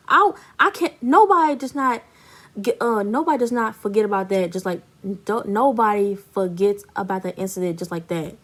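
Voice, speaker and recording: A woman's voice: medium pitch, normal speed, a bit bright. A woman rants through a storytime vlog in a mid-range voice. Her delivery is indignant and emphatic, and she hammers on each point as she tells it. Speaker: vlogger.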